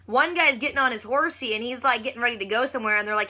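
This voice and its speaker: Chatty woman doing a tv recap vlog, kinda high pitched, bright voice, does little voices for the quotes. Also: very fast. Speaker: reaction vlogger. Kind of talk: casual TV episode recap.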